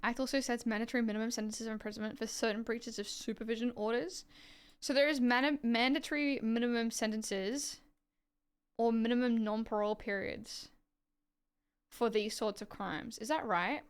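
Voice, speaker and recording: A woman's voice: a little high, fairly even intonation, moderate pace, clear, resonant tone. An Australian woman livestreaming, reading dense legal text aloud and chatting offhand with viewers, swearing casually.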